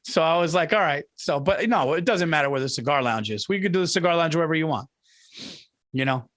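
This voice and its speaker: Podcast co-host, man with a New York accent, excitable and rambling, notably high voice. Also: fast. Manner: excitable, rambling, repeats himself. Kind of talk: casual chat.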